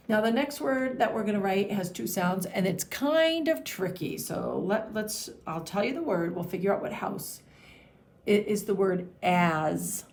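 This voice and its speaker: A woman teacher giving a patient phonics and handwriting lesson to young children, sounding out each letter slowly. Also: medium pitch, animated, gravelly, darkish tone.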